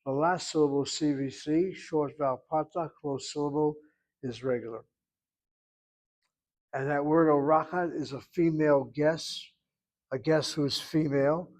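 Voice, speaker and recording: A man's voice: fairly high pitch, fairly even intonation, a little slow, darkish tone. A man teaching a Hebrew class, explaining grammar step by step and calling on students by name. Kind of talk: online class instruction.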